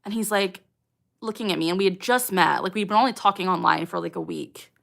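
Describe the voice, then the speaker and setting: A woman's voice: lowish voice, fairly quick, vocal fry, fairly bright tone. A young woman hosting a late-night livestream, reading chat questions aloud and answering in a chatty, giggly way with lots of fillers. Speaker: livestream host.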